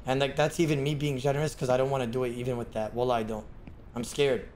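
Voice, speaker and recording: Excitable streamer man prone to yelling. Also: mid-range voice, quick pace, a little hiss or hum. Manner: excitable, bursts into loud yelling and laughter; talks to himself and to chat. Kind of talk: live game streaming commentary.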